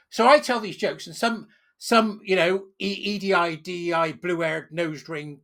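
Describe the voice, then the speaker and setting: A man's voice: a little high, moderate pace, gravelly, fairly bright tone. A man giving sarcastic, indignant solo commentary, full of rhetorical questions. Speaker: political commentary host.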